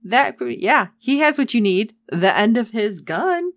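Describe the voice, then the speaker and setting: A woman's voice: a little high, sing-song, normal speed. A woman chatting casually as a podcast co-host, recapping a TV episode with sarcasm and acting out the characters' lines.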